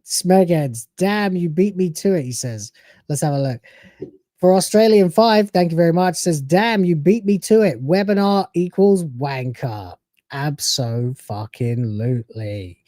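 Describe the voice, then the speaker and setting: Mellow-voiced man ranting on stream. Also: on the high side, expressive, no echo. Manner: profane, ranting, quick to laugh. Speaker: streamer reacting to a video. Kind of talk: live stream commentary.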